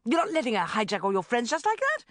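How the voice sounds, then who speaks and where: A woman's voice: on the high side, huge pitch swings, quick pace, no room sound, clean studio sound, voice pushed up. A woman reading as a blunt, indignant friend. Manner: brusque and forceful.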